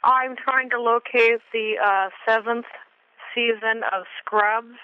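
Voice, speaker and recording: A woman on the phone defends her taste in television against a rude clerk, laughing as she goes. Her voice is high and smooth. The phone line is thin and tinny. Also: fairly even intonation, slow pace, dry recording. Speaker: caller. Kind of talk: phone call.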